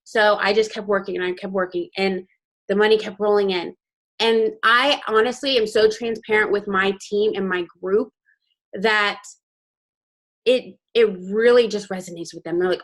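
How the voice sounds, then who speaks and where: Speaking at a moderate pace with fairly even intonation, this young woman's mid-range voice reaches her sales team via video call. She's a motivational guest speaker giving a training talk, open and emotional in her delivery.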